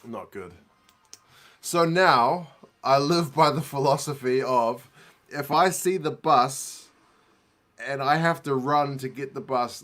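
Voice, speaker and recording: A man's voice: mid-range voice, slow pace, fairly bright tone. A man hosting a rugby watch-along, casually telling a rambling, self-mocking story and often laughing at himself. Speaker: rugby channel host.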